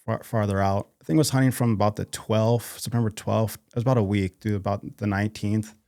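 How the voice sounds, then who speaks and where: Man, from North Idaho, podcast guest, halting speech, low pitch, dry close sound. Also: fairly even intonation, dark tone, dry recording. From North Idaho, USA. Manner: halting, lots of fillers and restarts. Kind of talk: casual interview conversation.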